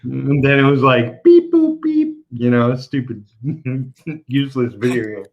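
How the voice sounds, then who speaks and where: A man's voice: medium pitch, very animated, a little slow. Laid-back man with a muffled, lo-fi voice. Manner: laid-back storytelling with frequent laughs and fillers. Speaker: comic artist and channel host. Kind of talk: casual chat while working. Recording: muffled lo-fi call audio.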